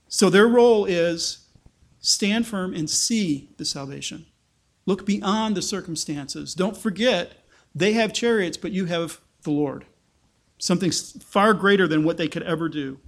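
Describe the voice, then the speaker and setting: A man's voice: high voice, measured pace. A man preaching a sermon in a conversational way, with sarcastic asides and rhetorical questions. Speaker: pastor.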